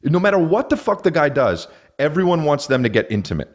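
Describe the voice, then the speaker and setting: A man in his thirties hosting a podcast, ranting comedically with lots of swearing and quick put-on voices. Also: fairly high pitch. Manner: profane, animated, acts out silly voices. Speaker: podcast host. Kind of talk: comedic rant.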